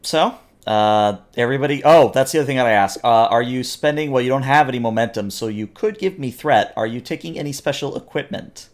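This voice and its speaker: A man runs a tabletop role-playing session as game master. He asks the players questions in a halting way, with frequent fillers. His voice sits at an ordinary middle pitch. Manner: hesitant, filler-heavy, questioning. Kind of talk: running a tabletop game over voice chat.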